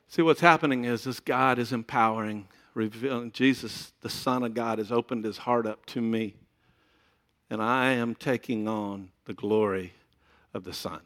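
Gravelly middle-aged preacher. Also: male voice, fairly low pitch, steady tone, moderate pace, a bit bright. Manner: conversational, joking asides to the congregation. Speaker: pastor. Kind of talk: sermon.

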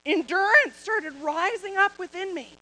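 A woman preacher telling a personal story to a congregation with animated, repetitive storytelling. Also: very high-pitched, unhurried, poor audio. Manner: animated storytelling, repeats phrases. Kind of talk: sermon testimony.

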